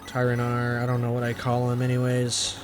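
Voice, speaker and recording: A man's voice: mid-range voice, completely flat delivery, fairly quick. A man casually commenting on his own gameplay, thinking aloud in a chatty, self-deprecating way. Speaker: video game let's-player. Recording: faint background game music.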